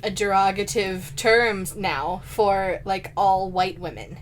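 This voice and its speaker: A woman's voice: mid-range voice, slow pace, a little hiss or hum, low-quality recording. A woman co-hosting a podcast, trading teasing, dry quips in casual chat. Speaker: podcast co-host.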